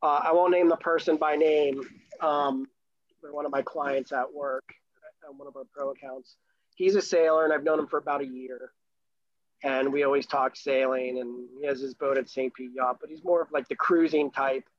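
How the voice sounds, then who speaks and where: A man's voice: a little high, fairly even intonation, moderate pace, dry recording. A man in his thirties from Florida telling a long, enthusiastic, rambling story in casual chat. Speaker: sailor and new father telling a story. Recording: dull lo-fi recording.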